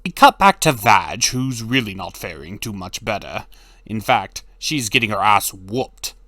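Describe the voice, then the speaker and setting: Man, cartoon recap commentary, animated pitch swings, sarcastic, blunt, dry close sound. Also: no echo. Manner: blunt, sarcastic, swears freely. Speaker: cartoon reviewer.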